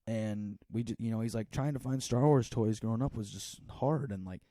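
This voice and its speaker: A man's voice: fairly low pitch, moderate pace, dark tone, no echo. A man in his twenties co-hosting a podcast in a casual, rambling chat full of filler words. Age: 20s. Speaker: podcast co-host.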